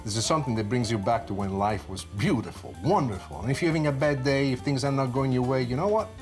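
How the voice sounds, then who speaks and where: A man in his sixties with an Italian accent, hosting a cooking demonstration in a lively, chatty, playful way with rhetorical questions. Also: medium pitch, quick pace. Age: 60s. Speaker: cooking show host. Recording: background music.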